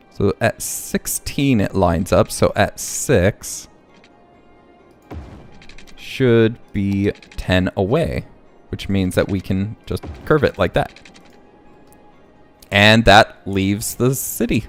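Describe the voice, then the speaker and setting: A young let's play host talks slowly over soft background music while playing a city-building game, thinking aloud as he goes. His voice is lowish, and he hiccups along the way in this casual video.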